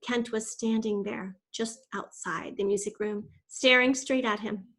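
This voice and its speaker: A woman reading a children's novel aloud, expressive, voicing the characters' lines. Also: on the high side, a little slow. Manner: expressive, voices quoted lines. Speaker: reader.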